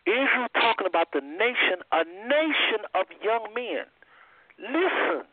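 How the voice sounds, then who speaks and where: A man hosting a call-in show who teaches from the Bible, preaching emphatically and swinging his voice high and low. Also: sing-song, unhurried, no echo. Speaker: host. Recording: tinny phone line.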